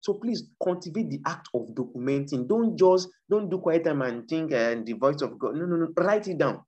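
On a dull lo-fi recording, a male author with a Nigerian English accent urges his audience forward, emphatically repeating himself as he discusses his book. His voice sits a little high, expressive and a bit mellow, at an ordinary speed.

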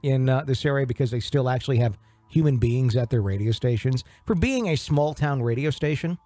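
A man's voice: mid-range voice, lively intonation, fairly quick, mellow, no echo, faint music behind. A man hosting a podcast in casual chat, joking and mimicking radio DJs. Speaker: podcast host.

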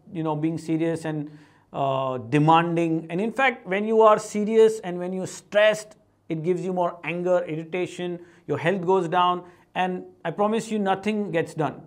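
A man with a high voice and an Indian English accent talks straight to camera in a casual, motivational style. He is middle-aged and animated, and he keeps dropping into quick, playful impressions of the people he describes. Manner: animated, breaks into playful voices of family and colleagues. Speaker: vlog host. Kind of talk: casual motivational vlog talk.

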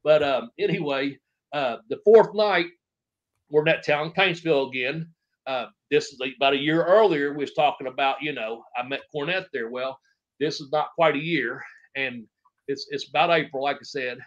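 A middle-aged man spins loose, rambling anecdotes, swearing casually and slipping into quoted voices as he goes. His voice sits a little high for a man, and the podcast audio comes through muffled and lo-fi. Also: moderate pace. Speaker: interview guest, former wrestler. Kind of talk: casual storytelling interview.

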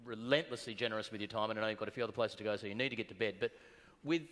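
Bright-voiced Australian man hosting. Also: fairly low pitch, fairly even intonation, very fast. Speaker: event host. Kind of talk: hosting a stage Q&A. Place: large theatre stage. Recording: hall reverb and crowd.

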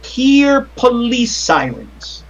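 A man narrates a tabletop horror game as game master. His voice sits high and swings widely as he goes. He rambles and fills pauses with ums and uhs. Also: dull audio. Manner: animated, rambling with many fillers.

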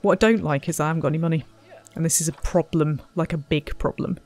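A woman's voice: deep voice, fairly even intonation, fast talker, darkish tone. A woman casually commenting while playing a zoo-building game, chatty and self-mocking, talking to the animals and visitors. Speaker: let's play host.

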